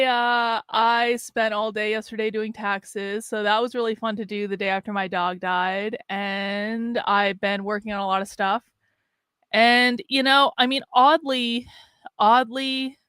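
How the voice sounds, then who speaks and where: Woman host, candid livestream chat, higher-pitched, crisp. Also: no room sound, clean studio sound. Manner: candid, sad but steady, talks in restarts and repeats.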